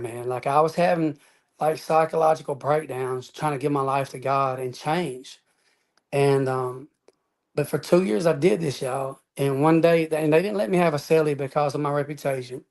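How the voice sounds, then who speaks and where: A man telling his personal testimony as an interview guest, earnest and emphatic, often adding "man" and "y'all". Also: on the high side.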